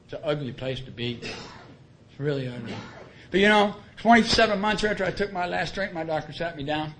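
Man, slightly high voice, earnest recovery-meeting share, folksy and repetitive, faint hiss behind. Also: expressive, moderate pace, fairly bright tone. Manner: earnest, colloquial, repeats key phrases. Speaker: speaker sharing his story at a recovery meeting. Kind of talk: plain-spoken personal testimony.

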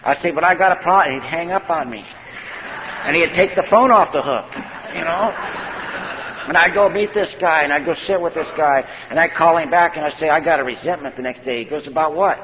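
Briskly and in a fairly high voice, a man on a conference stage tells the story of his recovery, playing out what others said to him in folksy fashion. Slight background noise accompanies the dull, echoey hall audio.

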